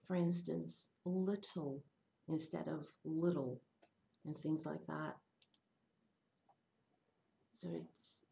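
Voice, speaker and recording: A woman teaching English in an online class, explaining slowly and rephrasing her points. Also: lowish voice, creaky, mellow.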